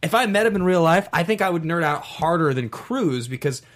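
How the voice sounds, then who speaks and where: Excited rambling man in casual chat. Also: a little high, a little fast. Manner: enthusiastic, rambling with fillers and laughs. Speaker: podcast co-host.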